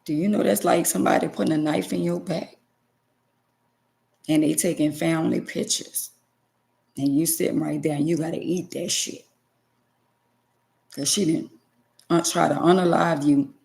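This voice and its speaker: Woman, middle-aged, gravelly fry, emphatic preachy testimony, vlog to viewers. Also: sits low, fairly even intonation, moderate pace, long pauses, darkish tone. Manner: emphatic, preachy, repeats phrases for stress. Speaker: vlogger. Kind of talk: emotional personal testimony to viewers.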